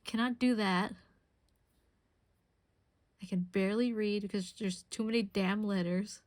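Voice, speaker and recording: A woman's voice: mid-range voice, fairly even intonation, unhurried, darkish tone, no echo. A young woman streamer chatting casually and rambling while she crafts, answering her chat.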